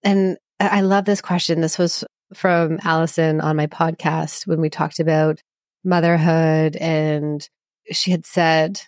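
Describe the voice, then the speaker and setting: A woman's voice: low-pitched, flat delivery, a little slow, a little mellow, no echo, clean studio sound. A woman psychologist guest on a podcast, explaining in an earnest, reassuring way with everyday examples. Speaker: psychologist and couples therapist guest. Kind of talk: conversational podcast interview.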